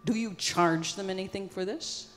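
An ancient male poet with a pushy salesman's pitch rings out across a concert hall, as a woman storyteller puts him on. He sits somewhat higher than the teller's own voice, and a long reverb trails each phrase. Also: moderate pace, close to an everyday voice. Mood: eager pitch. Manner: eager, pushy salesman talk. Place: concert stage.

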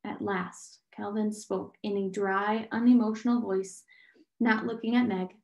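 A young adult woman reading a novel aloud, with occasional slips and restarts, raising her pitch for characters' dialogue. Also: flat delivery, unhurried, vocal fry, a little mellow. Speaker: audiobook reader.

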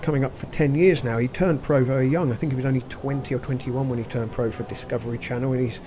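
A man's voice: mid-range voice, steady tone, fast talker, mellow. A man co-hosting a podcast, talking in a casual, chatty way full of asides and fillers. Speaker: podcast co-host. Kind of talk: casual chat. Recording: recording with clear background noise.

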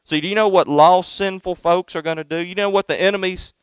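A man's voice: high voice, fairly even intonation, brisk, clear, resonant tone, no room sound. A male pastor preaching a sermon in a church to a congregation, earnest and emphatic. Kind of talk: sermon with opening prayer.

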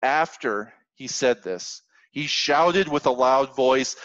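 A man's voice: mid-range voice, slow, a bit bright, no echo, low-quality recording. Earnest man preaching a sermon. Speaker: pastor. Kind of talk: sermon with scripture reading.

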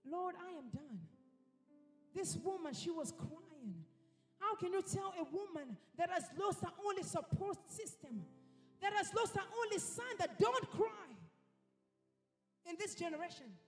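A woman's voice: very high-pitched, expressive, measured pace. A woman preacher delivering a sermon with emphasis, repeating her phrases for effect. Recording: reverberant hall with faint music.

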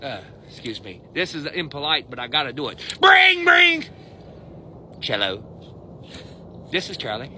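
A man's voice: medium pitch, expressive, normal speed, bright, forceful tone. A man from the United States doing a comic one-sided phone call, earnest and polite, stammering as he restarts his sentences. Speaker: comedian. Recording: background noise.

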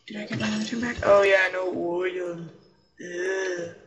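A man's voice: high voice, steady tone, unhurried, far from the mic, poor audio. A young man giving casual, rambling game commentary, joking and talking to the characters on screen. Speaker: let's play gamer.

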